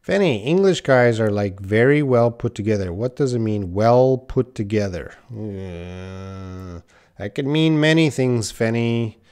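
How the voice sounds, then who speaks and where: A man's voice: fairly low pitch, lively intonation, measured pace, a little mellow, clean tone. A man teaching English on a live stream, reading out viewer questions and answering them bluntly. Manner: reads viewer questions aloud and corrects them, blunt and direct.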